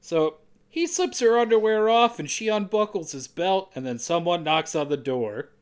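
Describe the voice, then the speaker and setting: A woman co-hosting a casual chat, recapping a film plot with jokes and quick silly voices for its characters. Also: on the low side, expressive. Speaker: podcast co-host recapping a film.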